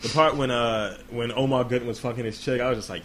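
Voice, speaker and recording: A man's voice: medium pitch, fast, a little hiss or hum. A man hosting a podcast in casual comedic chat, swearing freely and acting out quoted voices. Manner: profane, animated, acts out quotes. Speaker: podcast host.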